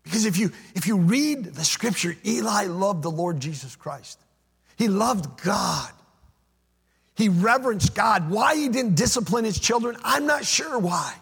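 A man preaching from the pulpit in a high, breathy-edged voice. He leans on repeated phrases and lifts into a sing-song preaching cadence, and his words ring with the long reverb of a large hall. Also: expressive, unhurried, fairly bright tone. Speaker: pastor. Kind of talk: sermon.

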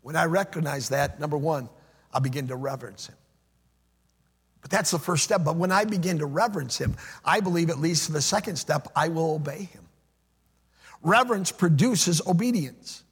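A man's voice: on the high side, moderate pace, breathy edge, big-room sound. A man preaching a sermon as pastor, emphatic, repeating phrases and swelling into a sing-song preaching cadence.

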